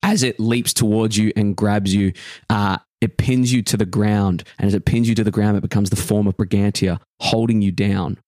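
A man narrating as game master of a tabletop game, describing a dream slowly with pauses. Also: fairly low pitch, steady tone, darkish tone, no echo.

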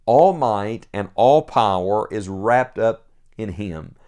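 A man preaching a radio Bible teaching, earnest and emphatic, slowing down to stress quoted scripture. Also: lowish voice, expressive, a little mellow, clear, resonant tone.

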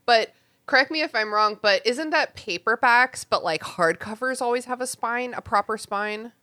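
Bright, chatty woman co-host. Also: a little high, moderate pace. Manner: chatty, with lots of "like"s. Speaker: podcast co-host. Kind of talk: casual chat.

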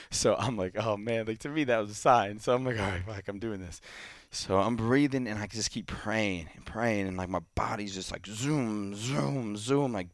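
A man casually telling a long personal story as a podcast guest, with many "like"s, sometimes dropping to a hush. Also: lowish voice, normal speed, no echo, studio quality. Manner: animated storyteller, many "like"s, drops to a hush in quiet moments.

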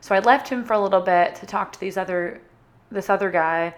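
Young adult woman vlogger, chatty and bubbly, mid pitch, casual storytime delivery. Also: a little fast. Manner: chatty, bubbly, filler-heavy with frequent "like".

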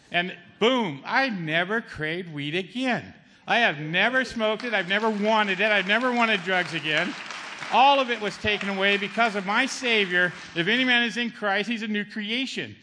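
A man's voice: high voice, bright, forceful tone, big-room sound. A middle-aged man giving a spoken church testimony in a conversational way, often asking the audience "okay?" and calling them "man". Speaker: testimony speaker.

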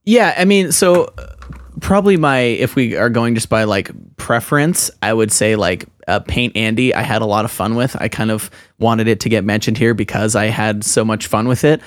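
A man's voice: on the low side, normal speed, dry recording. Man chatting in a dry, close sound. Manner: rambling, thinking aloud with many restarts. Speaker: podcast co-host. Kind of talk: casual chat.

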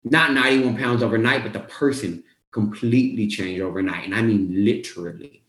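A young man, a weight-loss coach, telling his own story to viewers in a casual, animated way and acting out what he said back then. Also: on the low side, fairly quick. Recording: roomy echo.

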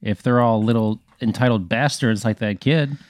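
A man's voice: on the low side, normal speed, darkish tone, no echo. A man in casual comedic banter, reacting dryly and playing along with a story. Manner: dry, laid-back reactions playing along. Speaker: podcast guest.

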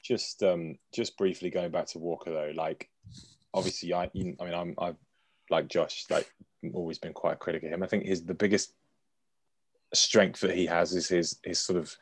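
A man's voice: low-pitched, fairly even intonation, moderate pace. A man hosting a casual football podcast, talking with many restarts and sighs. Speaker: podcast host.

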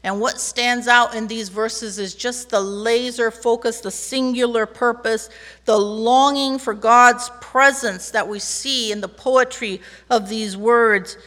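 A woman's voice: on the high side, fairly even intonation, slow, fairly bright tone. A woman pastor preaching a sermon in a church sanctuary, emphatic, leading the congregation in call-and-response. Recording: long church hall reverb.

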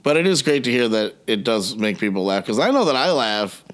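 A middle-aged man co-hosting a podcast, telling animated stories in casual chat, swearing freely and acting out what people said. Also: medium pitch, a little fast. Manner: animated storyteller, swears freely, acts out quotes. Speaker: podcast co-host.

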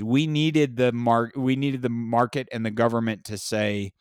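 Blunt, slow-talking podcast host. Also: male voice, medium pitch, clean tone, dry recording, studio quality. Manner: blunt, swears freely. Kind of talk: casual conversation.

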